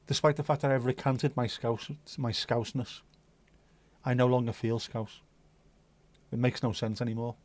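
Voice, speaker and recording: A man's voice: mid-range voice, steady tone, moderate pace, a little mellow. Chatty man hosting a livestream. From Liverpool, England. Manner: chatty, sweary, rambling banter. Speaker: livestream host. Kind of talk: casual chat reading viewer comments.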